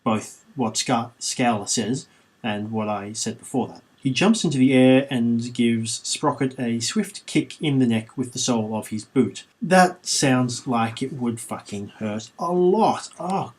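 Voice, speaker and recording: A man's voice: mid-range voice, measured pace, husky. A man reading a children's book aloud with sarcastic, irreverent commentary, swearing freely. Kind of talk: comedic audiobook reading with commentary.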